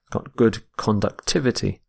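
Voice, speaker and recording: A man teaching English vocabulary, explaining each word slowly and repeating it to show where the stress falls. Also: lowish voice, gravelly, darkish tone, breathy edge. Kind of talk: slow, explained vocabulary lesson.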